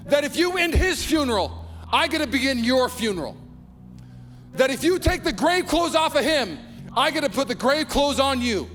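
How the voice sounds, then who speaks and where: A young man preaching in a large church hall, his voice high and bright against a long reverb tail. He throws himself into the sermon, breaking into shouts and acted-out voices, while faint music sits low in the background. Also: moderate pace. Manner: energetic preaching, acts out shouts and quoted voices. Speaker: pastor.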